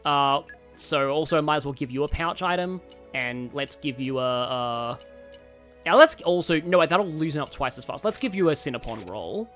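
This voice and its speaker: A man's voice: fairly high pitch, lively intonation, normal speed, fairly bright tone. A man streaming a game, thinking aloud in a rambling casual way with many fillers. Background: faint game music.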